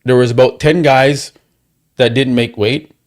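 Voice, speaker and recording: A man's voice: medium pitch, fairly even intonation. A man hosting a livestream, ranting angrily with heavy swearing and repeated rhetorical questions. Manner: profane, heated, rapid repetitions and rhetorical questions. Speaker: livestream host. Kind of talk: angry watchalong rant.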